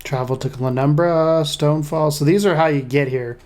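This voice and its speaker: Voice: mid-range voice, normal speed, a little mellow. A gamer casually commenting on their own play, chatty and talking to the screen. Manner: chatty, talks to self and the game. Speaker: let's play host.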